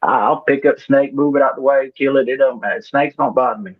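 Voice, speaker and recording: A man speaking in a plain, halting way during a casual podcast chat, heard over a tinny phone-like line. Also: medium pitch. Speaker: podcast participant.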